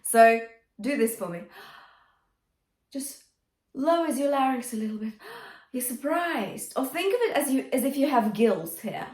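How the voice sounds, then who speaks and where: A woman's voice: a little high, expressive, normal speed, pauses often, darkish tone. A woman teaching a singing lesson as a vocal coach, encouraging and singing example phrases. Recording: roomy and a bit distant from the mic.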